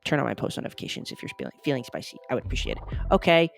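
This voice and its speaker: A podcast host giving a casual, hyped outro full of plugs, talking effusively with big jumps in pitch. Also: wildly swooping pitch, very fast, gravelly, faint music behind.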